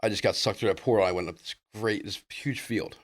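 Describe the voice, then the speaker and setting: A man telling a rambling personal story as a podcast guest in casual chat, loose and excitable, full of "like" and "dude". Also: lowish voice, fairly quick, no room sound, clean studio sound.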